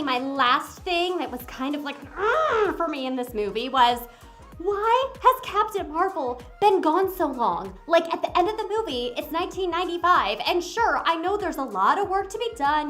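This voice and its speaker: Bright, high-voiced animated woman reviewer. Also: soft background music. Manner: animated and exclamatory, breaks into quick impressions; chatty, addresses viewers directly. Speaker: movie reviewer. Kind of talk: casual movie review to camera.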